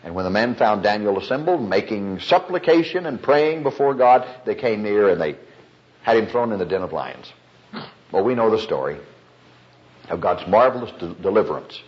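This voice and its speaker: A male pastor delivers a sermon, his voice rising and falling in a lively way. He slips into stories and acts out the people he quotes. The recording is dull and lo-fi. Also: lowish voice, normal speed.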